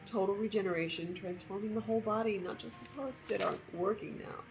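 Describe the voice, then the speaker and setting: A cheeky Breton necromancer, as a woman plays him, offhand and breezy about dark business. He talks casually with a sly grin in his tone. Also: mid-range voice, a little fast, music in the background, pitched above the performer's own voice, close to an everyday voice, low-quality recording.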